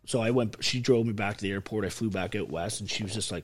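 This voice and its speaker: A man telling stories in a casual chat, animated and heavy on swearing. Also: lowish voice, quick pace, few pauses. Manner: profane, animated storytelling. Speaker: podcast guest.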